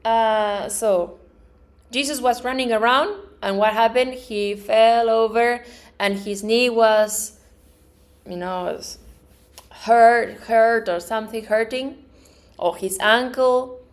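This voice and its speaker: A woman's voice: on the high side, slow pace. A woman teaching a group about positive attitudes, earnestly acting out affirmations and everyday reactions, often repeating words and restarting her phrases. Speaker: metaphysics teacher. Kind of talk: spiritual teaching talk. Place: live event in front of a group.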